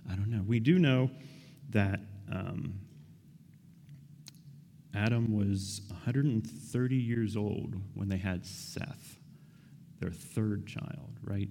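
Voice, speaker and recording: A man's voice: fairly low pitch, creaky, warm tone. A man giving a casual, conversational sermon, asking his listeners questions and often adding "right?". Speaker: preacher. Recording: reverberant hall.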